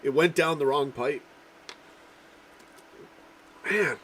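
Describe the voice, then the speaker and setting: A man hosting a casual live-stream football chat, rambling and swearing, reading out viewers' comments while he keeps coughing and clearing his throat. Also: a little high, slow pace, sharp tone. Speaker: livestream host.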